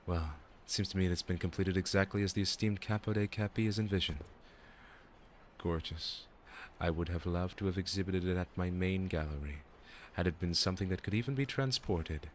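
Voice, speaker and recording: A man's voice: low voice, brisk, slight background noise. A man giving a solemn, theatrical reading of game dialogue as a voice actor.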